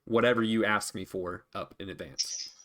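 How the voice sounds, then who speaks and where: A man narrating and running a tabletop role-playing game, relaxed, with many fillers and frequent laughs. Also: fairly low pitch, normal speed. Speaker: dungeon master.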